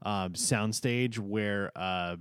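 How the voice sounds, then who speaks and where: Low-voiced man chatting casually. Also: extremely slow, clean tone, no echo, clean studio sound. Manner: chatty, frequent ums and uhs. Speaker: podcast co-host. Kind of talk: casual chat.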